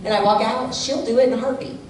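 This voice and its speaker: A middle-aged woman giving a community workshop talk in a church hall, telling lively personal stories and acting out what her family members say. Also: on the high side, fast. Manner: animated storyteller who acts out quoted family members. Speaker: workshop presenter. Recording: echoey hall from far off, faint room noise.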